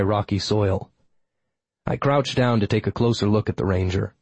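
A man's voice: fairly low pitch, a little mellow, husky, no echo. A man narrating a first-person audiobook in a dry, wry storytelling manner.

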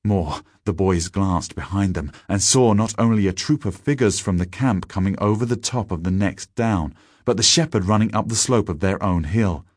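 A man reading a story aloud in a measured, deliberate audiobook narration. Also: lowish voice, a little mellow, no echo, studio quality.

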